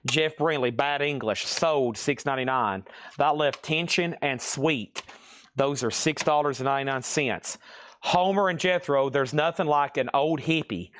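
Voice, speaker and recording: Brisk man calling out record sale prices. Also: mid-range voice, fairly bright tone, a little hiss or hum. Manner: brisk, listing items and prices, checking with "okay?". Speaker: live sale host. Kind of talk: live-stream record sale, reading claims and prices.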